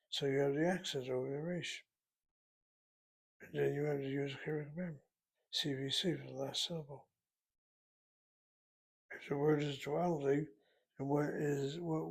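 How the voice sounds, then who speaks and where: A man giving a recorded Hebrew grammar lesson, walking through words slowly and methodically, thinking aloud as he goes. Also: on the high side, creaky, husky, poor audio. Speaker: Hebrew teacher.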